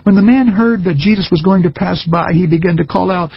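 A man preaching a recorded sermon in an earnest, measured way, with folksy stories. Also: high voice, vocal fry, breathy edge, no echo, lo-fi sound.

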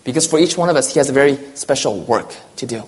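An earnest preacher giving a personal sermon, moving between urgent, rising lines and hushed, quiet ones. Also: medium pitch, animated, fast.

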